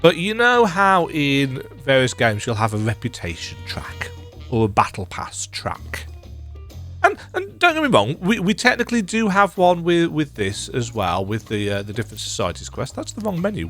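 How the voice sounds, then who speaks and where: A man chatting casually as he plays through a game, joking at his own expense. His voice runs high and leaps around a lot in pitch. Quiet game music plays behind him. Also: wildly swooping pitch, moderate pace. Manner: self-deprecating and jokey. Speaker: video game streamer. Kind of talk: casual let's-play commentary.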